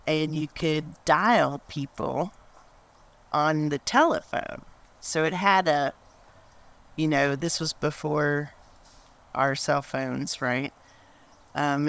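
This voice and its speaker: A woman telling a meandering anecdote as a speaker at a memorial gathering. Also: low-pitched. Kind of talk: storytelling speech.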